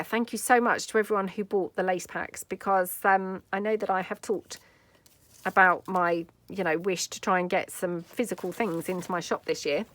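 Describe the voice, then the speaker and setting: A woman's voice: on the low side, fairly bright tone. A woman hosting a casual craft tutorial, rambling and chatty with lots of filler asides as she works at her craft table. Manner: rambling, full of "you know" fillers, friendly asides.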